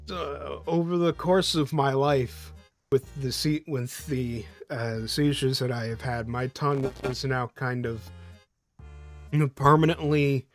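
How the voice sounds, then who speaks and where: Slow-talking rambling male streamer. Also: on the high side. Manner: rambling, loose and profane, with laughs and restarts. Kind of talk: casual live-stream chat.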